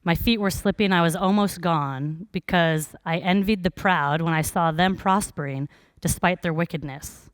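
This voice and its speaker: A woman's voice: lowish voice, normal speed, no room sound. A young woman preaching a sermon in a conversational, storytelling way, with frequent fillers.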